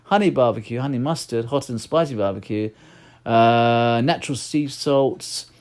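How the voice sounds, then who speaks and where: A man's voice: mid-range voice, moderate pace, a little mellow, clean tone. An English man co-hosting a podcast, reading lists aloud in casual chat and cracking jokes. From United Kingdom. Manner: jokey, reads lists aloud, slips into a mock cockney voice. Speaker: podcast co-host.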